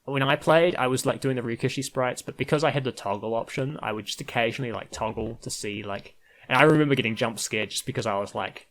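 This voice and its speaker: A man's voice: medium pitch, fast talker, vocal fry, fairly bright tone. A man co-hosting a podcast in casual chat, rambling with frequent restarts and laughing often. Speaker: podcast co-host.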